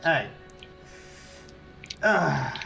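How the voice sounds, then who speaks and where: A woman's voice: sits low, big pitch swings, very slow, creaky. A woman hosting a live tabletop game stream, chatting casually and teasing her players. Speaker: stream host and game master. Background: background game music.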